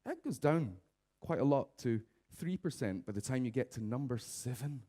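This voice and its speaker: Lively man giving a comic keynote. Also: medium pitch, normal speed. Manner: lively, mimics office characters in raised voices. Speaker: conference speaker. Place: conference stage.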